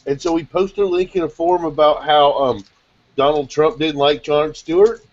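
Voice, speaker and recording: Excitable man rambling on a video call. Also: a little high. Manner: excitable, rapid rambling explanations. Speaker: SEO chat panelist. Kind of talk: casual group video chat. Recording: dull lo-fi call audio.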